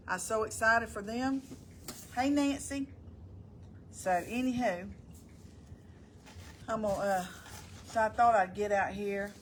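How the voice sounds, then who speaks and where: A woman's voice: medium pitch, slight background noise. A middle-aged woman chatting casually on a live stream, folksy and talkative, greeting viewers by name as she goes.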